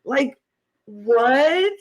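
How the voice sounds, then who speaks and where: An animated co-host on a casual reality-show podcast, talking with a lilt. The delivery is lively and theatrical, jumping into mock voices of the contestants mid-story. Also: high voice, extremely slow, crowd noise, poor audio. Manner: animated, acts out contestants' lines in exaggerated voices.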